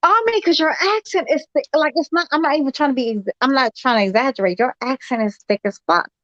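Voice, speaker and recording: A woman co-hosting a casual chat show, loud and giggly, swearing freely. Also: high voice, fast talker, no echo, highs cut off. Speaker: podcast co-host.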